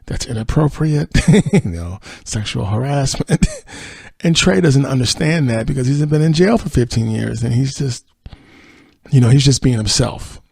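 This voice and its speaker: Gravelly-voiced man recapping a show. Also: mid-range voice, lively intonation, moderate pace, darkish tone, no echo. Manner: rambling retelling with fillers and laughs. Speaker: podcast host. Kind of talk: casual episode recap.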